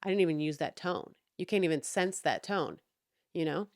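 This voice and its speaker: Hot-tempered young woman, lowish voice, swears freely, casual venting to a mic. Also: normal speed, no room sound, clean studio sound. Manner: heated, profane, animated venting. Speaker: podcast host. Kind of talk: casual storytelling rant.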